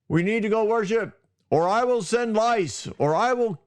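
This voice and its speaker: A man's voice: high-pitched, moderate pace, clear, resonant tone, pitched above the performer's own voice, close to an everyday voice. A man voicing a stern male prophet who grandly declaims his demands in a pompous way. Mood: grandiose.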